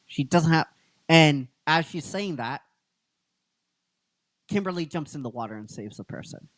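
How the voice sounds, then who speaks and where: A man's voice: a little high, animated, measured pace, fairly bright tone, no room sound. A man hosting a casual podcast chat, recapping a story he wrote in a rambling way, full of fillers and "right?". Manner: rambling, filler-heavy, keeps asking "right?". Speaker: podcast host and episode writer.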